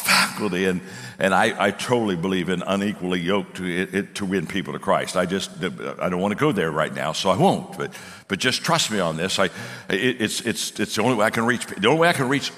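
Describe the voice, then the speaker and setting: A middle-aged man preaching a sermon, telling stories with lots of restarts and repeated words. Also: deep voice. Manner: animated storytelling with frequent restarts. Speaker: speaker and coaching company owner. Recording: long hall reverb.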